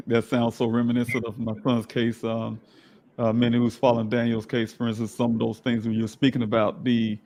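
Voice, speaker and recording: A middle-aged man hosting a virtual event, hoarse from losing his voice, speaking haltingly with many fillers over a video call. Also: mid-range voice, flat delivery, a little mellow. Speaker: host.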